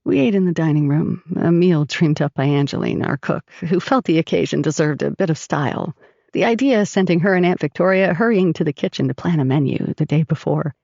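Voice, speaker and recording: Female audiobook narrator, gravelly, measured delivery, dry muffled sound. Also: sits low, dark tone, no echo. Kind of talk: first-person audiobook narration. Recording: dry, slightly dull recording.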